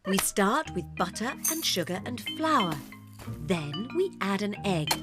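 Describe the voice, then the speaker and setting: A gentle cartoon mummy pig. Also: female voice, medium pitch, very animated, measured pace, loud music behind the voice. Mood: motherly. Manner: gentle, motherly and patient. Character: warm, sensible mother pig. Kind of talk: children's cartoon voice acting.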